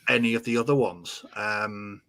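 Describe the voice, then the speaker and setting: A man's voice: on the low side, moderate pace, sharp tone. A British man hosting a casual podcast chat, hesitant, with many fillers and restarts. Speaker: podcast host.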